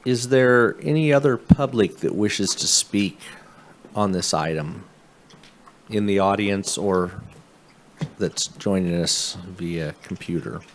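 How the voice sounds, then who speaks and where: A man's voice: deep voice, slow, slight background noise. A man chairing a public commission meeting, giving brief procedural prompts.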